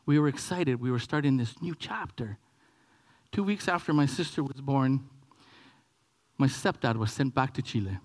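A man in his forties from Canada preaching a sermon, telling a childhood story with animated acting-out, dropping to whispers and rising to high excited bursts. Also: normal speed, pauses often. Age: 40s.

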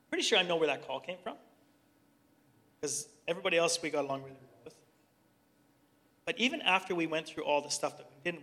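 A man's voice: fairly high pitch, pushed and bright. Earnest man in a reverberant hall. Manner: earnest, conversational, with searching restarts. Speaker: youth organization director and speaker. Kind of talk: personal testimony and leading prayer.

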